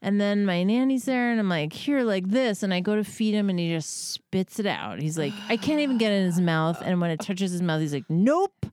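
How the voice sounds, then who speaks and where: A woman's voice: lowish voice, lively intonation, a little fast, few pauses, a little mellow, clean tone, no echo. A woman in her thirties telling a long, rambling, self-deprecating story in casual chat, swearing freely and acting out what people said. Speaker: podcast guest or co-host telling a story.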